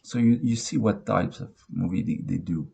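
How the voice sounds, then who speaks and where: A man's voice: low voice, moderate pace, creaky, darkish tone, husky. A man giving a casual, rambling spoken movie review, swearing freely and restarting his sentences often. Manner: rambling, profane, many restarts and fillers.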